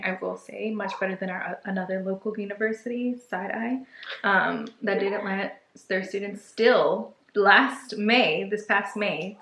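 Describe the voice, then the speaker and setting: A woman's voice: medium pitch, a bit bright, slight background noise. Candid young woman, echoey room. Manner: candid, opinionated, chatty. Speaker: podcast co-host. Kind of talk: casual advice chat.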